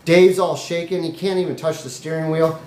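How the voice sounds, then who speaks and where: Rambling comic storyteller, echoey room. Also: male voice, on the high side, a little fast. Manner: rambling, animated, with jokey asides. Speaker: comedy storyteller. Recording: echoey room, faint noise.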